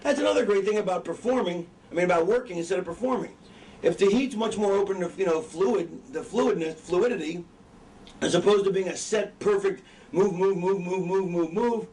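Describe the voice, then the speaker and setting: A man's voice: sits high, a little fast, darkish tone. A man lecturing wrestling students in a casual, profane, rambling way, often losing his train of thought. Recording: distant mic with background noise.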